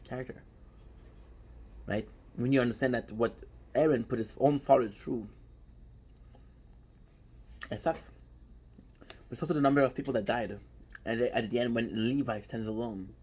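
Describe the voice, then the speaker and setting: Husky-voiced man in animated casual talk. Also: mid-range voice. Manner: animated, emphatic, with repeated rhetorical questions. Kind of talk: casual anime talk to viewers.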